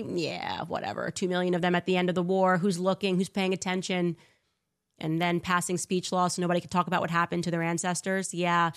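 A woman's voice: fairly low pitch, a little fast, a bit bright. A woman hosting a live commentary stream, fired-up and sarcastic, often mocking others in put-on voices. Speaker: show host. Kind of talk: livestream commentary.

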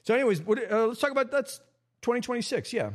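A man from America hosting a casual livestream monologue, rambling with frequent restarts and sudden jumps in pitch. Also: expressive, fast. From United States. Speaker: host.

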